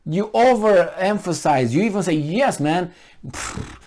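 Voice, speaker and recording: A man giving casual solo commentary on a news article, sarcastic and animated, often slipping into mocking voices. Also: sits high, a little slow.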